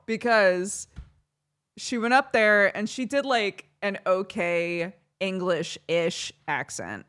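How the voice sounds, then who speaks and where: A young woman streamer chatting casually, telling a story with lots of laughter. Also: medium pitch. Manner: giggly, animated storytelling with frequent laughter. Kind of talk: casual chat on a livestream.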